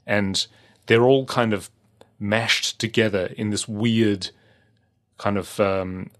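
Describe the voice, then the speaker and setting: A man's voice: on the low side, fairly even intonation, takes it slowly, a bit bright. A man with an Australian accent, chatting casually as a podcast co-host, rambling with lots of fillers and restarts. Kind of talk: casual chat.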